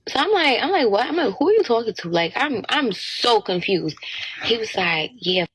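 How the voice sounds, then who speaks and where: A woman's voice: on the high side, sing-song, normal speed. A young woman ranting in an indignant, exasperated storytime, quoting what others said, in a played-back clip with faint noise. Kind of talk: casual storytime rant to camera.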